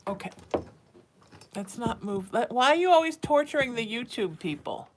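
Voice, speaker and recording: A woman's voice: a little high, expressive, moderate pace. Chatty woman hosting a live stream. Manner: chatty, reads out viewer names, coos at her cat. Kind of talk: casual livestream chat.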